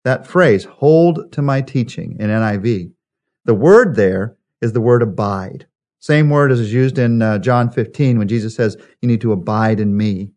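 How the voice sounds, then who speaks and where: Guy preaching on a bible verse, repeats words slow for emphasis, mid pitch. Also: expressive, a little mellow. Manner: emphatic, rhetorical questions, repeats key words slowly. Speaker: pastor. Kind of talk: Bible teaching devotional.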